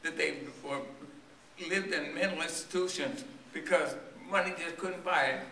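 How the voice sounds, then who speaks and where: A man's voice: fairly high pitch, normal speed, sharp tone, slight background noise. A man preaching a storytelling sermon to his congregation, his voice strained and tiring, asking the people questions as he goes. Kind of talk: church sermon. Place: church sanctuary. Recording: echoey church recorded from a distance.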